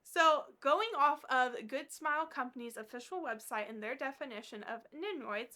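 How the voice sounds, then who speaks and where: A woman chatting to camera as a regular vlogger, bubbly and gushing, with fillers scattered through her talk. Her voice sits high and sounds bright and crisp. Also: expressive, brisk. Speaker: collector vlogger. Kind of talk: casual chat to camera.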